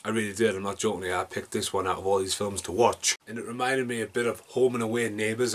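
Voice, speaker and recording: A man's voice: lowish voice, flat delivery, fast talker, hardly any pauses, slight background noise. A man from Britain reviewing a movie casually, rambling and self-deprecating, with jokey asides and mumbled mutters.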